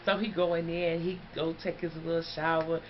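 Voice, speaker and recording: A woman telling a story in a casual, animated way, talking straight to her viewers. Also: sits low, fairly quick. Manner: animated, chatty, addresses listeners as y'all. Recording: dull lo-fi, faint background noise.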